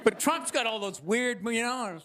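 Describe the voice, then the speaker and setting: A man doing a stand-up monologue on a theater stage into a stage mic, animated and ranting, often acting out other people's voices. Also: extremely high pitch, a little slow. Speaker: stand-up comedian. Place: theater stage before a live audience. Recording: stage recording with crowd noise. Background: audience laughter.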